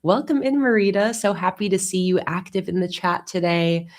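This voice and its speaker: Woman host, low voice, upbeat chatty livestream greetings at her desk. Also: fairly even intonation, normal speed. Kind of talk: casual livestream chat.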